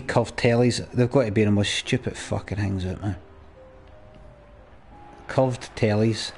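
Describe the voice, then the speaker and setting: A man's voice: mid-range voice, gravelly, a little mellow. A Scottish man chatting and ranting as he plays a game, swearing freely. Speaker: gamer. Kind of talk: let's play commentary.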